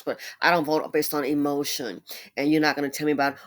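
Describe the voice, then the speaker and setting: Low-voiced woman doing a chatty commentary rant, animated asides. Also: very fast. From United States. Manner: conversational, animated asides and laughs. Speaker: commentary YouTuber. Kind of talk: casual commentary monologue.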